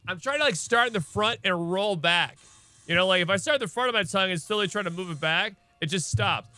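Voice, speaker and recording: A man's voice: high voice, a little fast, pushed and bright. A man streaming a video game, chatting casually and thinking aloud while he plays, often firing off questions. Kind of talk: casual let's-play commentary.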